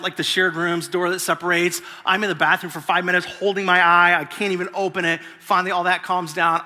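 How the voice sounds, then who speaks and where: A man in his forties, a pastor, telling a personal story in a sermon and acting out the quotes as he goes. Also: a little high. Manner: storytelling, animated, acts out quotes. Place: large church hall. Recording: long hall reverb.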